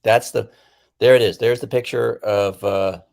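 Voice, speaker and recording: Male painter guest, lowish voice, chatty and animated anecdote teller. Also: measured pace, gravelly. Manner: animated storyteller who acts out quoted lines. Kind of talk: casual storytelling chat.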